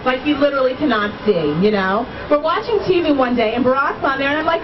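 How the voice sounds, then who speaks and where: A woman performing a stand-up comedy set, telling animated stories, acting out quoted voices and laughing along. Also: high voice, fast talker, hardly any pauses. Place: comedy club stage. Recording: distant lo-fi club recording with loud crowd. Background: loud audience laughter and room noise.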